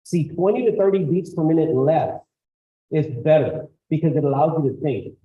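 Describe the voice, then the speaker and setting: A guest speaker with a fairly high voice, speaking at a moderate pace, entertains school staff in a school auditorium. He tells his stories with animation, acting out the voices of the people in them, over phone-quality sound.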